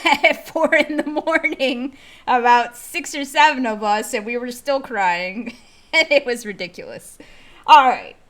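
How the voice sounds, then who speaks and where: Bright upbeat woman host, laughs a lot, chatty stream talk. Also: a little high. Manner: animated, laughs often. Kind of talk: casual chat.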